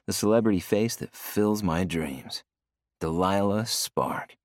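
A young man narrating a first-person novel, wry and expressive, on a close studio mic. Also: fairly low pitch, takes it slowly, no room sound. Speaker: audiobook narrator.

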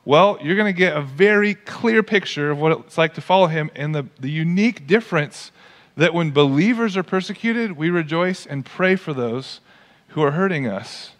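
A male pastor preaching a sermon to his congregation, animated and acting out the quoted voices. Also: on the high side, moderate pace. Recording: long church hall reverb.

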